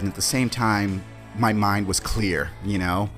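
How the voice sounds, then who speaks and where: A man's voice: on the low side, fairly even intonation, moderate pace, a bit bright, faint music behind. A man hosting a podcast, telling a rambling personal story in a casual way, peppered with "you know, man.". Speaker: podcast host.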